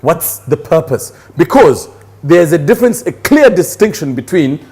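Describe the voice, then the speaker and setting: A man's voice: a little high, sing-song, moderate pace, a little mellow. A Ugandan man co-hosting a casual chat show, teasing and arguing his point and laughing often. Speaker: co-host. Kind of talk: casual bar-table chat.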